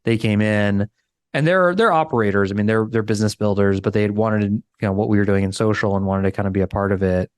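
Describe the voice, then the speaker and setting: A man's voice: fairly low pitch, fast talker, clean tone, no echo. A middle-aged man, a podcast guest, telling a story in a casual interview and acting out the voices of the people in it. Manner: animated storyteller, acts out quotes.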